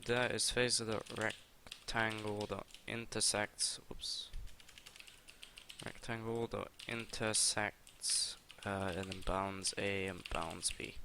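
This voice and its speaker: A young man walks through a programming tutorial in a loose, halting way, often pausing on uh and um while he types. His voice sits a little low but sounds bright and forward. Soft keyboard clicks and a faint hiss run underneath. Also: steady tone. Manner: casual, hesitant, with many uh and um fillers. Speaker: coding tutorial host. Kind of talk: screen-recorded coding tutorial.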